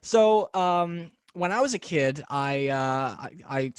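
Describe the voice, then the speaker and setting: A man's voice: fairly high pitch, lively intonation, clear, resonant tone, no room sound. Eager young man hosting a podcast. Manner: eager, fanlike, quick to laugh. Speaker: podcast host. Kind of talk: casual interview chat.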